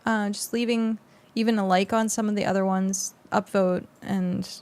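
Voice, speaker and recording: A woman's voice: medium pitch, fairly even intonation, normal speed, darkish tone. A young adult woman streamer chatting casually with her viewers on a close mic, rambling with lots of fillers. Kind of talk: casual livestream chat with viewers.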